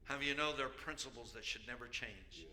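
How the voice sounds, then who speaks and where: A man pastor preaching a sermon, storytelling with jokes and sudden loud bursts. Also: medium pitch, expressive, fast. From United States.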